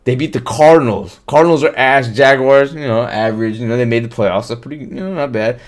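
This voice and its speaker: A man's voice: medium pitch, a little fast. A man hosting a live-streamed sports podcast, talking casually and animatedly, swearing freely and reacting to chat comments. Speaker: podcast host.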